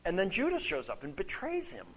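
A man preaching a sermon, conversational and animated, often checking in with "right?" and reading scripture aloud. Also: high-pitched, brisk. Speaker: pastor.

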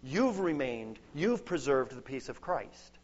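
A man's voice: medium pitch, very animated, slow. A man preaching a sermon, earnest and emphatic, building points through lists. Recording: dull lo-fi sound.

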